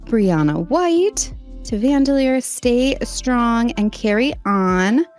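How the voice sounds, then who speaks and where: Casual female vlogger, excitable and gushing, voice pitched a bit high, soft music underneath. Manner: bubbly, gushing, quick pitch jumps when excited. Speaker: streamer and vlogger.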